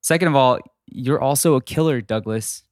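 A man's voice: mid-range voice, normal speed, no echo, studio quality, natural voice. A man voicing an unflappable woman homeowner who scolds in a pointed way. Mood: scolding.

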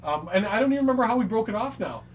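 A man telling a story in casual chat, animated, laughing and swearing as he acts out quotes. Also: sits high, racing, slight background noise. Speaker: podcast co-host telling a story.

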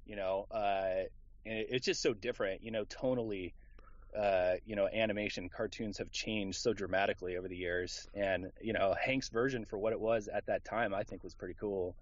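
Easygoing low-voiced man rambling. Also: fairly even intonation, moderate pace, highs cut off. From Houston, Texas. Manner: rambling, easygoing, many fillers and laughs. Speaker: voice actor guest. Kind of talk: casual interview.

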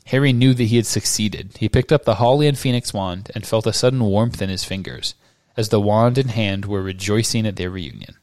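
A low-voiced man reads a novel aloud for his podcast at a steady, measured pace. The recording is dry and close, with almost no room sound. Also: no room sound. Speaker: podcast co-host.

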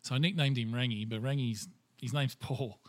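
A man's voice: mid-range voice, normal speed, no room sound. An Australian man chatting casually, telling rambling stories with lots of filler words. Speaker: conversation partner. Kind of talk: casual chat.

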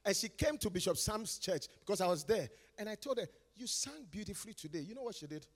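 A Ghanaian man preaching a lively conference sermon, teasing his listeners and swinging from quiet asides to shouted calls. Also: high-pitched, fast, in a large hall. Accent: Ghanaian English. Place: large conference hall.

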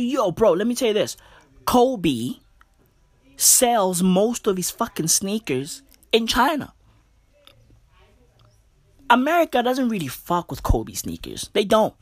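A man's voice: high-pitched, no echo. A man ranting in a casual, profane, slang-heavy way and checking in with "right?" again and again. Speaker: commentator. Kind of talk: casual rant.

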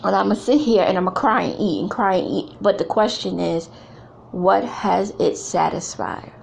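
A woman's voice: mid-range voice, normal speed, gravelly, a little mellow, slight background noise. A middle-aged woman giving an emphatic, blunt talk to other women, mixing slang and preachy repetition.

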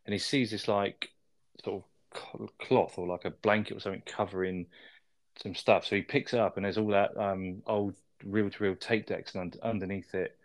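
A man talks over film scenes in casual podcast chat, often ending with "isn't it?" His voice sits a little low, and he swears freely as he recaps. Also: fairly even intonation, moderate pace. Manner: sweary, chatty, seeks agreement with tag questions. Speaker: podcast co-host reviewing a film.

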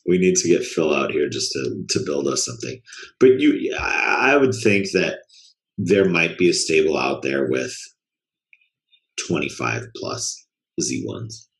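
A man's voice: rumbling low, sing-song, a little slow, creaky. A man co-hosting a podcast in casual chat, laid-back, trailing off and swearing casually. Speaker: podcast co-host.

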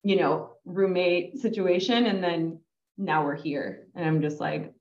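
A woman hosting a podcast in casual, chatty conversation, her voice jumping up when she quotes herself. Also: a little slow. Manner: chatty and animated, jumps high when quoting herself. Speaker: podcast host. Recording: echoey, dull lo-fi sound.

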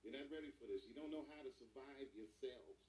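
A man's voice: mid-range voice, a little fast, a little mellow, echoey room, distant mic, poor audio. A man from Ohio performing a stand-up comedy set, delivering mocking punchlines and putting on other people's voices. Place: stage before a live audience.

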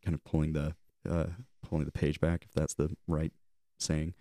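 Very deep and mellow, his voice stays level at a normal speed, captured in clean studio sound with no echo. As a podcast co-host and camp leader, he reflects on his summer at camp in a rambling, sincere way, repeatedly starting his sentences over.

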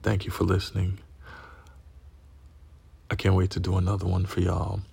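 Gravelly, husky young man telling crude stories. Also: deep voice, moderate pace, dry recording. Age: young adult. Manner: profane, laughing, animated storyteller. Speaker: podcast host. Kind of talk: crude casual storytelling.

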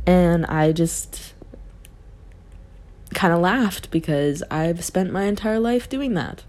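A woman's voice: on the low side, takes it slowly, pauses often, darkish tone. A young woman talking candidly about her own life in a reflective monologue, laughing often and thinking aloud. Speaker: podcast host.

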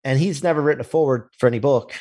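A man with a slightly husky voice tells a personal business story in a loose, casual interview. He is animated, acts out the dialogue, and swears now and then. The sound is close and dry, with no room around it. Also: mid-range voice, racing, dry recording. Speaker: podcast guest, entrepreneur.

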